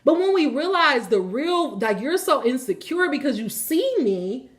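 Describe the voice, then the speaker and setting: Animated, high-voiced woman telling a story. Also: measured pace. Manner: animated, swearing freely, colloquial. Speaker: spiritual reading host. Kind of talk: casual storytelling to viewers.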